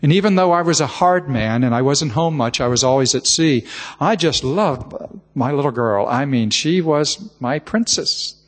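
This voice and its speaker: A man's voice: medium pitch, animated, moderate pace. An older man preaching a sermon, telling a heartfelt family story with emotion and repeated words. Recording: reverberant hall.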